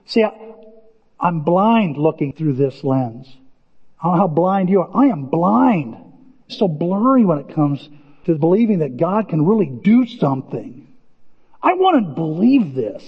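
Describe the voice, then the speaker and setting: An older man preaching a sermon as pastor, impassioned, with folksy asides and sudden shouts. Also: high-pitched, husky. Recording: dull distant sound with hall reverb.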